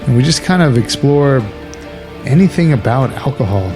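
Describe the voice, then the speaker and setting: A man's voice: mid-range voice, lively intonation, moderate pace, over music. A man co-hosting a podcast in casual chat, laughing often and rambling with restarts. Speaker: podcast co-host.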